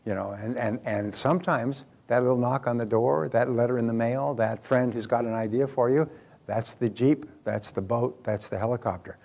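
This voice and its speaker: A man's voice: mid-range voice, fairly even intonation, moderate pace, creaky, darkish tone. A man giving a motivational talk, telling stories and speaking directly to his audience in a conversational way.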